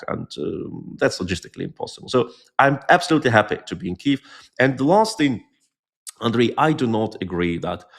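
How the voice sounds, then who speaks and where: A man with a low, gravelly voice speaks as an interview guest. He talks earnestly and bluntly, stopping often to hunt for the right word. His tone stays conversational throughout. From born near Moscow, Soviet Union. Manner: earnest, searches for words with frequent pauses; outspoken and blunt. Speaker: guest volunteer.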